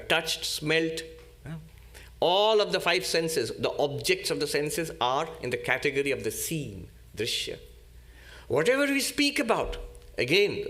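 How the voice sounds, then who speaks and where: A man speaking as a monk in a spiritual lecture, his voice sitting a little higher than most men's. He teaches deliberately and patiently, returning again and again to the same key terms. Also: a bit bright. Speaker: monk giving a spiritual talk.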